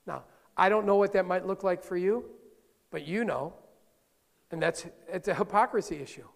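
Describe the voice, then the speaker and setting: A man's voice: high voice, normal speed, vocal fry. A middle-aged male pastor giving a conversational sermon in a church, with playful asides to the congregation. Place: church sanctuary. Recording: long hall reverb.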